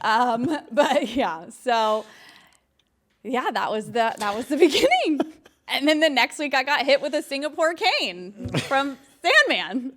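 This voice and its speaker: A woman in her thirties, a guest in a casual interview, telling animated stories with lots of laughter and acted-out quotes. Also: sits high, a little slow. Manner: giggly, animated, quotes others in voices.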